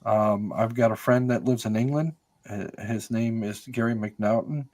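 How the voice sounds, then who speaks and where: A man's voice: fairly low pitch, fairly even intonation, moderate pace, a little mellow. An older American man talking as a podcast guest, rambling casually with many fillers and restarts. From United States. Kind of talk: casual conversational storytelling.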